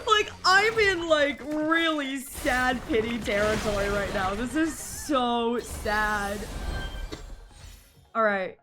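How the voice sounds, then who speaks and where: Excitable high-voiced woman streamer. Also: slow, music in the background. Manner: excitable, rambling, squealing and laughing at game pulls. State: sick. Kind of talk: casual live-stream chat while gaming.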